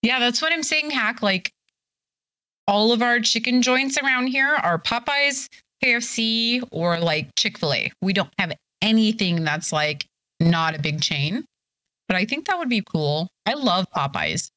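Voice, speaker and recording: A young woman chats on her live stream, a little tipsy, gushing and chatty as she answers her viewers. Her voice sits a bit high and has a bright edge. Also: expressive, a little slow, no room sound. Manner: bubbly, gushing, reads chat aloud. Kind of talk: casual live-stream chat.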